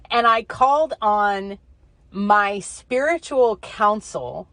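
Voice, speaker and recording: A woman's voice: mid-range voice, measured pace, a bit bright, no echo. A mother talking candidly to herself in her car, rambling with plenty of fillers and restarts as she works through her feelings. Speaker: podcaster reflecting alone. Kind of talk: casual personal monologue. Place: inside a car.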